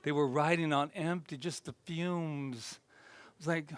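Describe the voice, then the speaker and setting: A man's voice: fairly high pitch, moderate pace, clear, resonant tone, dry recording. Chatty, playful male minister. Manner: animated and chatty, then drops soft and reflective; self-deprecating humor. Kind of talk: conversational sermon. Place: spiritual center gathering.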